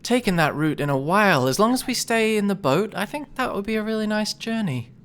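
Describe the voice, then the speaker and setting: A man's voice: sits high, expressive, brisk, fairly bright tone, clean tone, voice pushed up. A man playing a weary river fisherman who rambles and interrupts himself as he talks. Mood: cheerful. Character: weary middle-aged male river fisherman. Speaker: game master voicing a character.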